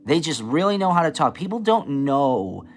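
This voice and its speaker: A man hosting a live stream, ranting in an animated, passionate way and stuttering and restarting often. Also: fairly high pitch, normal speed, faint music behind. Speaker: live stream host giving readings. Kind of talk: casual live-stream rant. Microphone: camera mic, moves the camera around.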